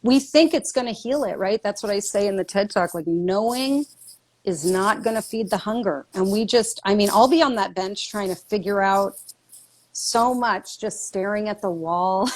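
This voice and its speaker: A woman author talking over a remote video call, effusive and animated, words tumbling out with frequent laughter. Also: medium pitch, moderate pace. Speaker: guest author.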